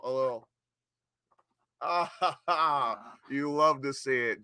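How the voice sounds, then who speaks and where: A young man from the United States hosting a live football watchalong, chatting casually and bursting into excited shouts when his team attacks. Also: lowish voice, clear, resonant tone, dry recording, clean studio sound. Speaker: watchalong host. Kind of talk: live match watchalong commentary.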